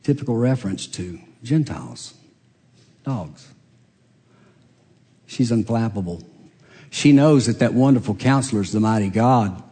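A man delivers a sermon from the pulpit, moving at an unhurried, deliberate pace. He retells a story and slips into the voices of its characters. His voice rings out with a long reverb tail in a large church hall. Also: on the low side, lively intonation, dark tone. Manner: storytelling preacher, acts out quoted voices. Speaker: pastor.

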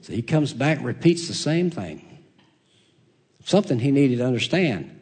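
A man preaching a sermon, soft-spoken, reading scripture in old-fashioned wording and sinking to a whisper for God's voice. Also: mid-range voice, very animated, normal speed, slightly rough. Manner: reads scripture in King James wording.

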